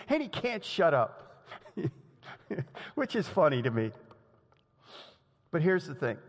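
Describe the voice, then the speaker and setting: A man preaching a sermon in a lively, conversational way, often laughing and acting out the quotes he tells. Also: a little high, slow pace. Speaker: pastor. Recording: long hall reverb.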